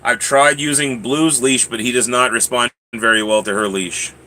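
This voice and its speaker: A man's voice: fairly even intonation, normal speed, sharp tone. A man hosting a casual livestream, chatting with viewers and answering their comments. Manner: chatty, talks to his pets in a high coaxing voice. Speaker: livestream host.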